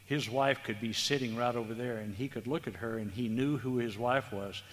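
Earnest preacher in a reverberant hall. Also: male voice, mid-range voice. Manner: earnest, tender, slow, emphatic. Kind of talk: sermon. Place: church hall. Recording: long hall reverb, faint background noise.

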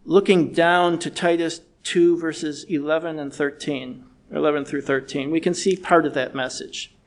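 A middle-aged man delivers a sermon with an earnest, measured manner. His voice sits a little higher than most men's, and he slows down to press key points home. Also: steady tone. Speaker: preacher.

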